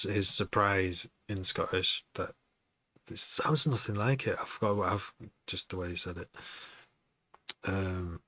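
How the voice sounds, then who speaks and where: With a low voice, a sharp tone, and no room sound, a man rambles casually while streaming his music production work. He curses a lot, breaks off mid-sentence, starts again, and repeats himself.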